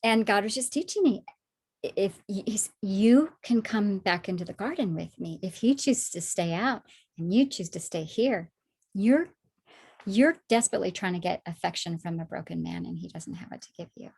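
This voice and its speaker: A woman sharing her personal faith testimony in conversation, animated when acting out past moments, soft and low when reflecting. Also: normal speed, gravelly, husky. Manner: animated storytelling, acts out her own past words.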